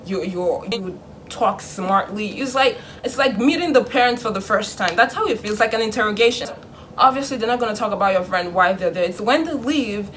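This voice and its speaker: A young woman vlogging in casual chat, animated, acting out her parents in a hushed voice. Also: mid-range voice, fairly quick, slight background noise.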